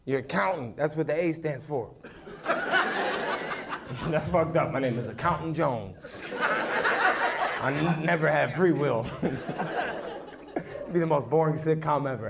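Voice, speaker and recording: A man's voice: a little high, animated, slow, gravelly, pauses often. A man doing a stand-up set in a small comedy club on a handheld mic, brash and profane, teasing the audience. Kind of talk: stand-up set with crowd work. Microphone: handheld microphone. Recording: noisy live club with loud crowd. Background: audience laughter.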